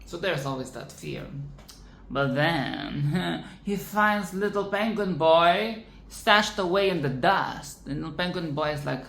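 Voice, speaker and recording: A vlogger gushing and ranting about a film in a loose, dramatic way, leaning on repeats and swear words for effect. The mid-pitched voice sits in a roomy, echoey space. Faint background ambience hums underneath. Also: takes it slowly, slight background noise. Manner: dramatic, animated and profane, repeats phrases for emphasis. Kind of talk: casual film commentary.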